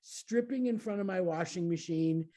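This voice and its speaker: A woman in her thirties telling a story in casual chat, lively and laughing, jumping into high voices to act out quotes. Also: moderate pace, over a noisy crowd. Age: 30s.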